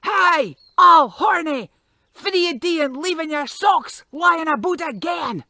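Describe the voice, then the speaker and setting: A woman doing a shrill nagging devil's wife. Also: animated, measured pace, bright, forceful tone, no room sound, studio quality, full character voice. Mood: scolding. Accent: Doric Scots.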